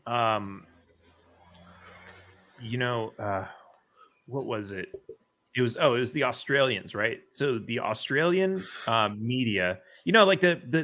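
An American man hosts a casual political podcast, rambling and swearing with plenty of fillers and restarts. His voice is medium-pitched with a fairly bright tone.

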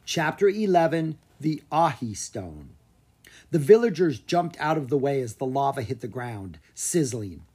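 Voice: mid-range voice, big pitch swings, measured pace, darkish tone, husky. An audiobook narrator reading a children's adventure story aloud, giving each character a voice.

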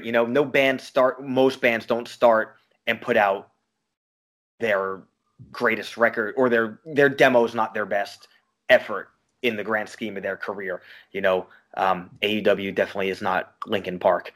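A man's voice: lowish voice, fairly bright tone. A man from Long Island co-hosting a wrestling podcast, talking in a casual, profane, ranting way. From Long Island, New York. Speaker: podcast co-host. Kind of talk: casual chat.

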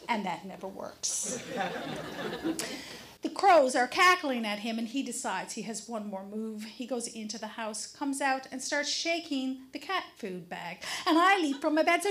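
A middle-aged woman telling a funny personal story on stage to a live audience, animated and acting out the crows' caws. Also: high voice, measured pace, a little hiss or hum. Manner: animated, mimics crow caws.

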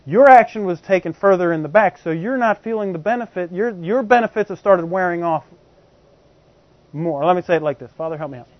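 A man with a notably high voice delivers a teaching sermon, talking to his congregation like a conversation and checking in with them often. The recording sounds dry and close, with a slightly dull, muffled top end. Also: fairly quick, dry recording. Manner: explains by everyday examples. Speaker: preacher.

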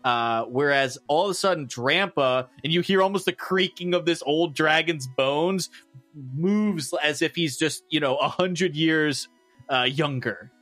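Guy gm narrating a tabletop fight, kinda high voice, lots of uhs, dry close sound. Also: measured pace, fairly bright tone, dry recording, faint music behind. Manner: loose, filler-heavy descriptive narration. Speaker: game master.

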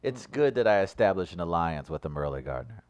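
A man co-hosting a casual talk show, playful and mock-grandiose, swinging between loud and soft. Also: low voice, big pitch swings, a little fast. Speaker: co-host. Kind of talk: casual banter.

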